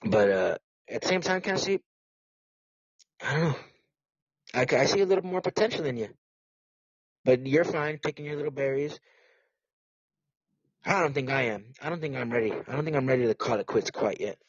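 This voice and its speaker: A man hosting his own podcast in a rough, husky voice, rambling and teasing with crude words and frequent restarts. The sound is dry and close, with no room around it. The mic gives a dull, lo-fi tone. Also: mid-range voice, animated, moderate pace, long pauses, no room sound. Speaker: podcast host. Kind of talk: casual rambling podcast rant.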